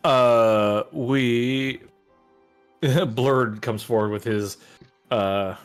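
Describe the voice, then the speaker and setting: A man's voice: medium pitch, fairly even intonation, drawn-out words, clean tone, soft background music. A man running a tabletop game as game master, joking and often hesitating. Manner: loose, jokey and hesitant.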